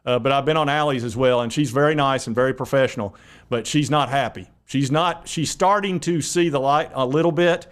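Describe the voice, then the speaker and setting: A man with a mid-range voice talks fairly quickly while hosting a sports talk channel. He chats casually and rambles, dropping in plenty of fillers along the way.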